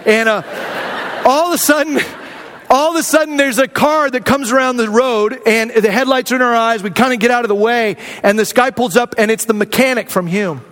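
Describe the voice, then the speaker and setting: Male pastor from Arizona with a high voice, earnest and conversational storytelling, with a long hall echo. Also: brisk, a bit bright. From Arizona, USA. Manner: earnest, candid, conversational with many restarts. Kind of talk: sermon storytelling.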